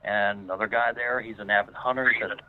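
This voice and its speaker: A man's voice: lowish voice, fairly even intonation, quick pace, background noise. A man telling a personal story as a guest, rambling with many fillers and restarts. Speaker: guest paranormal investigator. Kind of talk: casual spoken storytelling. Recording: tinny phone line.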